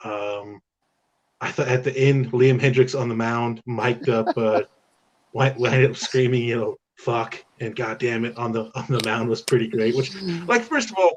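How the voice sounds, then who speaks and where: A man's voice: mid-range voice, normal speed, a little hiss or hum. A man co-hosting a casual sports talk show in an easygoing, conversational way. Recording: slightly dull, muffled audio.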